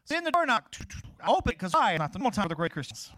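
A middle-aged man preaching a sermon as pastor, swinging from loud, stretched scripture reading to quiet, joking asides and personal stories. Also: sits high, very animated, rapid-fire, dry recording, poor audio. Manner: storytelling with humor and laughs.

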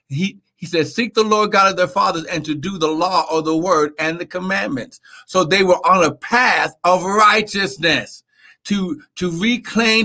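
A man preaching in a live Bible teaching, reading scripture, repeating words and calling for amens. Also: high voice. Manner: animated, repeats words, asks amen.

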